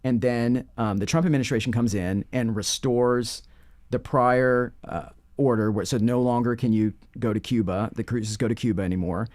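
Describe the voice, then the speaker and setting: A man's voice: medium pitch, fairly even intonation, moderate pace, a little mellow, no echo. A man co-hosting a casual legal discussion, rambling through the story with frequent restarts and self-corrections. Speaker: podcast co-host discussing court cases.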